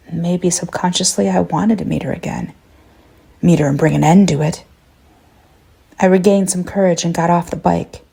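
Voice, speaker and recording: A woman narrating a first-person horror story in a tense, measured way. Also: on the low side, gravelly, dark tone, breathy edge.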